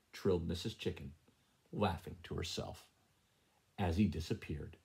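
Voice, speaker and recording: A man reading a fairy tale aloud as a bedtime story, in an expressive, sing-song way. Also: low-pitched, a little slow, creaky, pauses often.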